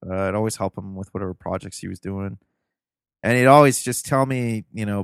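A man's voice: on the low side, a little fast, gravelly, smooth, dry recording, clean studio sound. A man from Ohio, a podcast guest, telling family stories in a loose, earnest, rambling way. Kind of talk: casual interview storytelling.

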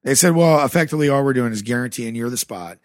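This podcast guest from the American Rust Belt has a mid-range voice and a quick pace, heard on a dry, clean studio recording. He's animated as he tells a personal story, swearing freely and performing the dialogue.

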